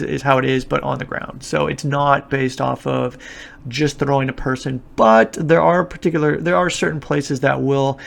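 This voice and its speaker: A man with a creaky, medium-pitched voice, a martial arts instructor in Japan, talks casually as a guest on a podcast interview. He explains things at length, with lots of fillers and restarts.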